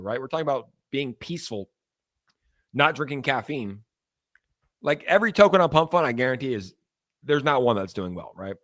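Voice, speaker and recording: A man's voice: on the high side, fairly bright tone. Hyped young man streaming crypto chatter. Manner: hyped, joking, profane. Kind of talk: casual livestream chat.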